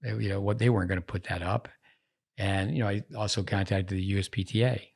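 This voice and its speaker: The podcast host talks fast in a deep, creaky, husky voice with a steady tone. His casual conversation wanders from story to story in rambling, digressive fashion.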